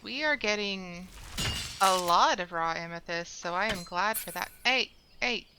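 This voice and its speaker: Chatty and rambling, this woman streamer comments casually on her game and keeps correcting herself partway through sentences. She speaks at a moderate pace in a lowish voice over background noise.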